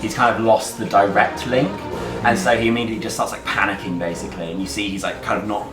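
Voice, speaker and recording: Low-voiced laid-back game master. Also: male voice, steady tone, fast talker. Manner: loose, laughing, swears casually. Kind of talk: casual tabletop game narration. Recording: roomy, off-mic, music behind.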